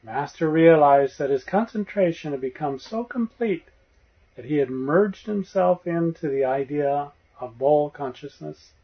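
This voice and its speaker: Man telling a gentle spiritual parable, lo-fi. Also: fairly high pitch, animated, measured pace. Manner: gentle storytelling, acts out voices in the tale. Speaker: spiritual teacher. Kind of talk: meditation talk with parable. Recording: dull lo-fi recording.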